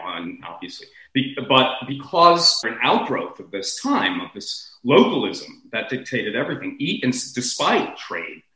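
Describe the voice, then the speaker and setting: An American man speaking as a guest, animated and rambling, with big swoops in pitch. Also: roomy sound, rough recording. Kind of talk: casual discussion.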